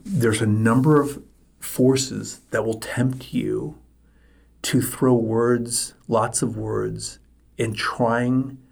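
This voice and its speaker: Husky-voiced man hosting a solo podcast. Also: on the low side, a little mellow. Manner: emphatic, repeats points for stress. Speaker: podcast host.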